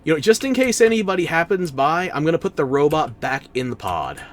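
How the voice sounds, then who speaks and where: A man's voice: a little high, sing-song, brisk. A man streaming a game, giving casual commentary in a wry, sarcastic way and bantering with chat.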